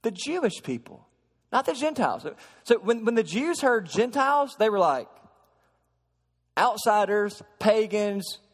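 A man preaching a sermon to a congregation, shifting from soft explaining to loud, emphatic preaching and asking them questions. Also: sits high, very animated, measured pace. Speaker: pastor. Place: church sanctuary. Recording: long hall reverb.

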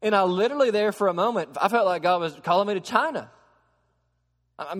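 High-voiced preacher in an echoing hall. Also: male voice, lively intonation, fairly quick, long pauses. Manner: swings from hushed storytelling to raised, emphatic preaching. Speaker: pastor. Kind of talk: sermon. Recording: long hall reverb.

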